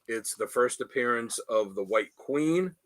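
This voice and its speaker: A man's voice: mid-range voice, lively intonation, a little slow. A man co-hosting a podcast who chimes in casually with short, wry quips. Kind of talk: casual chat.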